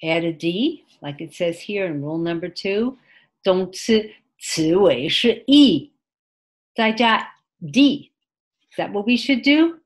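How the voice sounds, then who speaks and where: A woman's voice: medium pitch, lively intonation, slow. A woman teaching an online English class, speaking patiently, repeating words and adding short Mandarin glosses. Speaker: ESL teacher. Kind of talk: online class lesson with screen sharing.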